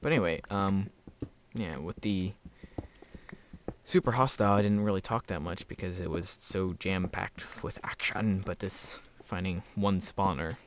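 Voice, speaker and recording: A teenage boy with a lowish voice chats his way through gameplay, rambling from one thought to the next and laughing often. Faint keyboard clicks and typing sit quietly behind him. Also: measured pace, a little hiss or hum. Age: teens. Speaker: gamer. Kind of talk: casual gameplay commentary.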